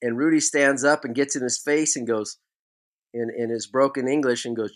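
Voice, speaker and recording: A man's voice: mid-range voice, steady tone, moderate pace. Easygoing man hosting a chat. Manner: easygoing storyteller, playful prankster tone. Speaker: podcast host, former ballplayer. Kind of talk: casual interview chat.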